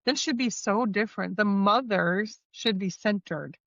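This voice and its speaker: A woman speaks as a podcast guest, earnest and emphatic as she lays out her ideas. The recording is dry and a little dull, and her voice sits at a middle pitch. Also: measured pace, no echo. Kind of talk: casual conversation.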